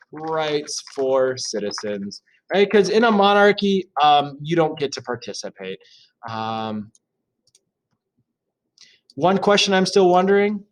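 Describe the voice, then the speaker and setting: A male teacher reads through a lesson and talks it over in a chatty, joking way. His voice sits a little high and swings lively up and down, with plenty of fillers between points. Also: a little hiss or hum. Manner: chatty, jokey asides, frequent fillers. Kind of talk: reading and explaining a lesson.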